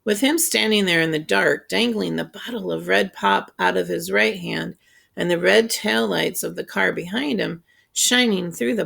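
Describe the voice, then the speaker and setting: A woman reading a children's novel aloud in a steady, unhurried storytelling voice. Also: mid-range voice, creaky, slightly rough. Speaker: audiobook reader. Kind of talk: scripted narration.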